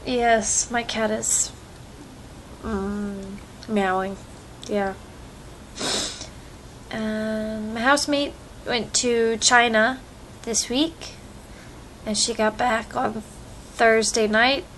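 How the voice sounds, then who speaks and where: A woman's voice: on the high side, steady tone, extremely slow, fairly bright tone, a little hiss or hum, low-quality recording. A young woman chatting casually in a home vlog, rambling easily while her allergies act up. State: allergies, itchy eyes. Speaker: vlogger. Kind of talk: casual chat. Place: home with a cat. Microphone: phone camera.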